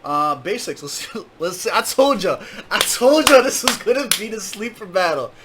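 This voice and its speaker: A man's voice: high voice, sing-song, normal speed, noisy background. A man reacting to a rap battle as host, casual and hyped, heavy on slang and "like.". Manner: casual slang, hyped, says "like" and "my guy" a lot.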